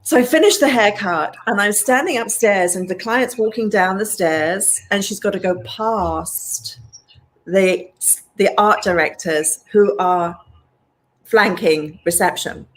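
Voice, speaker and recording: A British woman in her sixties, an animated storyteller who talks straight to her listeners in an interview. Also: medium pitch, a little slow, poor audio. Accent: British English. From England. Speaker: guest hairdresser and educator.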